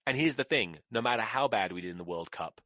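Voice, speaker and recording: A man's voice: lowish voice, expressive, fast, fairly bright tone, dry recording, clean studio sound. A man, hosting a solo podcast and ranting with profanity and sarcasm. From England. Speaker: podcast host. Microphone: close mic.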